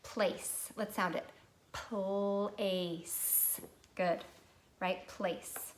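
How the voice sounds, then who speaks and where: Slow, patient woman teaching phonics. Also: medium pitch, slight background noise. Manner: slow, patient, prompting children to repeat. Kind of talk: recorded phonics lesson for young children.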